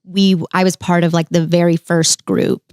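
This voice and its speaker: A young woman chatting casually as an interview guest, easygoing and quick to laugh. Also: fairly low pitch, flat delivery, a little mellow, clean tone, dry recording. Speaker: guest, former theme-park character performer.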